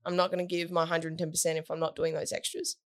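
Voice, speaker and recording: A woman's voice: sits low, little pitch movement, fast talker. Upbeat woman, team captain. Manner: upbeat, with frequent "like" and "yeah" fillers. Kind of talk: casual interview chat.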